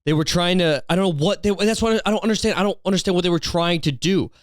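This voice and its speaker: A man's voice: high voice, fast talker, dry recording. A man hosting a solo podcast, rambling through a story in a profane, incredulous way on a close mic. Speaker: podcast host.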